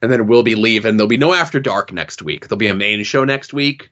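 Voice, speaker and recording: A man's voice: on the low side, fast, lo-fi sound. A middle-aged man hosting a podcast, chatting loosely and sometimes stammering. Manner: relaxed, loose, a bit stammering. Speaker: podcast host. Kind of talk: casual chat.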